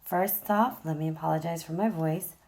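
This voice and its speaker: A woman's voice: moderate pace, a little mellow. A woman giving a casual tarot reading with a tired, worn-out voice, chatting straight to viewers with lots of fillers. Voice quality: gravelly, low voice. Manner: chatty, direct address, many fillers. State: vocally exhausted, voice going in and out. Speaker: tarot reader.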